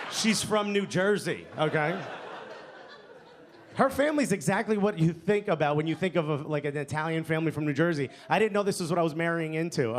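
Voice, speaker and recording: A man performing a stand-up set on a comedy club stage, talking conversationally and often tagging lines with "okay?" or "you know?". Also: a little high. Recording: live club, loud crowd laughter and noise.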